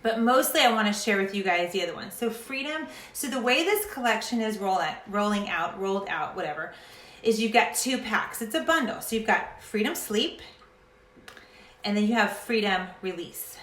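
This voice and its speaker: A woman's voice: medium pitch, animated, moderate pace, a bit bright, roomy sound. A woman talking casually to camera about essential oils in a chatty, passionate way that sometimes turns into a rant. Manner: chatty and passionate, ranting at times. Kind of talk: casual vlog talk to camera.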